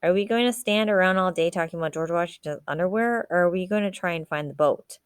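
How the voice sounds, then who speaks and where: A woman's voice: fairly low pitch, moderate pace, natural voice. A woman voicing an impatient young boy who leads his friends and speaks sternly, reading a storybook. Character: bossy young boy, the worried leader.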